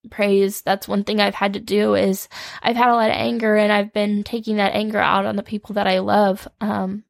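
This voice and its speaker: Tearful woman, flat and gravelly. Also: medium pitch, no room sound. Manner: earnest, scripture-quoting, vulnerable. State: holding back tears. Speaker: podcast host. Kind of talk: unscripted devotional talk.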